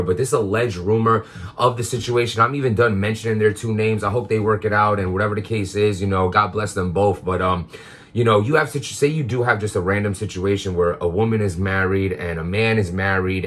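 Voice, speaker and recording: Low-voiced New man rambling. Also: fairly quick, a bit bright. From Queens, New York. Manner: rambling, full of fillers and restarts. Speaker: vlogger. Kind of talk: casual confessional monologue.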